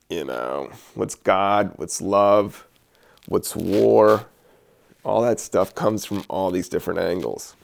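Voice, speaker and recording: A man hosting a podcast, rambling in a relaxed, musing way with many fillers while he doodles. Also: on the low side, vocal fry. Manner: laid-back, slow, musing with many fillers and laughs. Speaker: podcast host.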